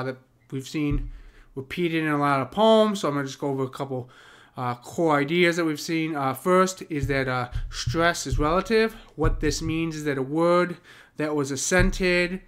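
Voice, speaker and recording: A man teaching poetic meter in an unscripted explainer, pausing with many ums and restarts as he works through ideas. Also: fairly high pitch, a bit bright, clear, resonant tone. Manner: taps out rhythms aloud as da-dum. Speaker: poetry teacher.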